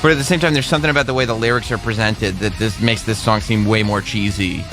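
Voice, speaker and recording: A man's voice: fairly low pitch, fairly even intonation, quick pace, music in the background. A man co-hosting a radio show, chatting casually and joking with a light laugh.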